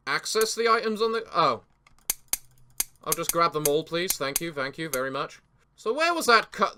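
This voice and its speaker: Excitable high-voiced male gamer. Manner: excitable, joking, shouts in fights. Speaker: gaming channel host. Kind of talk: let's play commentary.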